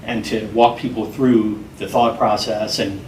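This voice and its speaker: A middle-aged man with a fairly low voice talks in a sincere, deliberate way. The sound is roomy and echoing, with the mic set some way off. A faint hiss sits under his voice. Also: flat delivery, a little mellow. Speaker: interview guest, program founder. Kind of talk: earnest conversational interview. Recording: echoey room, mic at a distance, faint noise.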